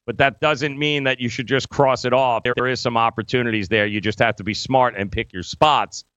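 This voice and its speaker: A male sports radio host rambles through the lineup with plenty of filler words. His voice is smooth and resonant. The studio sound is dry and a bit dull. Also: medium pitch, steady tone, moderate pace, a bit bright, dry recording. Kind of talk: casual sports radio talk.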